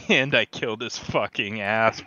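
A man's voice: on the low side, takes it slowly, highs cut off, a little hiss or hum. A man playing a tabletop game, talking casually with crude jokes. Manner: animated, crude banter. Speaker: player.

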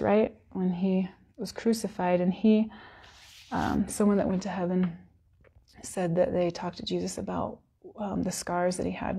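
Woman with a husky, gravelly voice for a heartfelt church devotional, earnest and near tears. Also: fairly low pitch, mellow. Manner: earnest, emotional, close to tears. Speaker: worship speaker. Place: church service.

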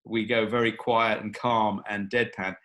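A man who is a film director, answering interview questions in a relaxed, rambling way with many fillers and restarts. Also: on the low side, unhurried.

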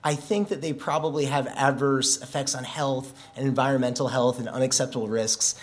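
A man mockingly imitating fretful European regulators in a high, whiny voice during a conference speech. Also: a little fast, lightly acted. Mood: fretful mockery. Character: mock-naive male European regulators, fretful.

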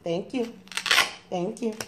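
A woman's voice: medium pitch, slow pace, background noise. A young woman at home teaching her toddler colors and letters, patient and coaxing, with plenty of praise. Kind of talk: gentle toddler lesson at home.

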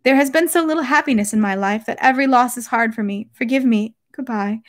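A woman's voice: on the high side, brisk, no room sound, clean studio sound, close to an everyday voice. A woman reading aloud the lines of a tender, heartfelt young princess in a novel, with an emotional, slightly quavering delivery. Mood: hurt.

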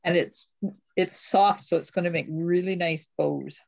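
A woman's voice: on the low side, fairly even intonation, measured pace, vocal fry, dry recording, muffled recording. A woman hosting a casual crafting live stream, gushing and exclaiming over each item she unboxes.

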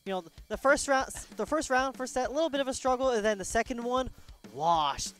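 A man co-commentating a live esports tournament, laid-back and slangy but quick to get excited. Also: very high voice, faint music behind.

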